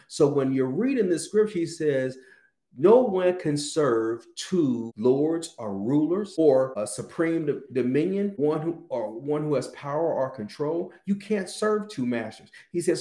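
Man preaching a sermon, dark mellow voice, repeats phrases, roomy echo. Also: a little high. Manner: drawn-out emphatic reading of scripture, repeating phrases.

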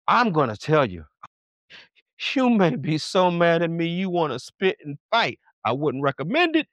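Fervent preacher man, highish voice. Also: very animated, a bit bright, dry recording, clean studio sound. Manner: fervent, emphatic, shifts between fast bursts and slow drawn-out lines. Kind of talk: sermon.

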